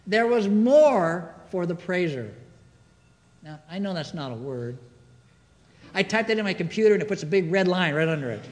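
Male pastor, expressive sermon delivery, higher voice with wide swings, long church-hall reverb. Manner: expressive preaching, call-and-response questions to the congregation. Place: church sanctuary.

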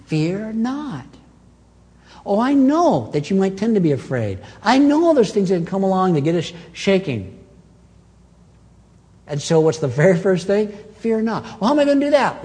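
Pastor guy preaching, voice jumps all over, loud then hushed, slightly high. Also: big-room sound. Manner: animated preaching with dramatic swings in loudness and pace. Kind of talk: sermon.

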